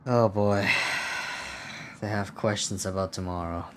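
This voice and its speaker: A man's voice: fairly low pitch, steady tone, a little slow, pauses often, slight background noise. A man playing a video game, casually commenting and reading the game's text aloud, swearing often in a dry, sardonic way. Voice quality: profane, sardonic. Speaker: gameplay streamer.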